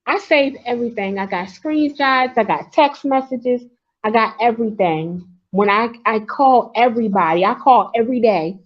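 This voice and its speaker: A woman's voice: fairly high pitch, moderate pace. Upset grandmother on a muffled line. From Maryland. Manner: frustrated and insistent. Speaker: caller. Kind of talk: call-in talk.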